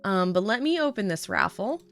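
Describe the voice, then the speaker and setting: A woman hosting a live knitting stream, chatting casually with her viewers in an excitable way. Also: mid-range voice, a little fast, vocal fry, soft background music. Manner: chatty, excitable, says "um" and "y'all" often.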